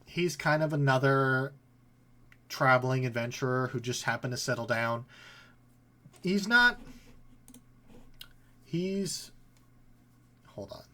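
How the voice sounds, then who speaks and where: A man's voice: mid-range voice, a bit bright. A man narrating as game master of a tabletop game, casual and often laughing. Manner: casual, laughing, voices figures briefly.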